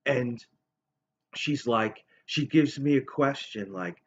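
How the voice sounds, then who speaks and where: A man's voice: medium pitch, slow pace, husky. A man in his fifties telling a long, rambling story in a casual monologue. He acts out other people's voices as he tells it. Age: 50s. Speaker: vlogger. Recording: dull lo-fi recording.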